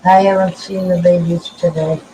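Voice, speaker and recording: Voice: medium pitch, level tone, normal speed, warm tone, recorded from a distance, a little hiss or hum, poor audio. A panel guest chatting casually and matter-of-factly, often trailing off and restarting. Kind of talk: casual chat.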